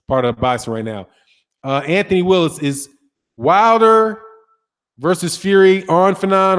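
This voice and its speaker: A man's voice: high-pitched, long reverb tail. A man hosting a casual boxing livestream, reading viewer comments, laughing often and throwing in slang like "dog" and "man". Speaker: boxing channel host.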